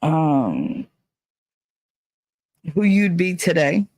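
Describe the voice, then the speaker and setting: A woman's voice: low voice, sing-song, extremely slow, darkish tone, no echo. A woman hosting a casual livestream, chatting and reading viewer comments aloud, laughing often. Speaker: livestream host.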